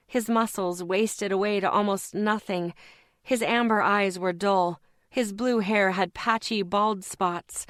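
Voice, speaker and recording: A woman narrating a paranormal audiobook in first person, with a measured, intense, emotional reading on a close studio mic. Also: medium pitch, a bit bright, no echo.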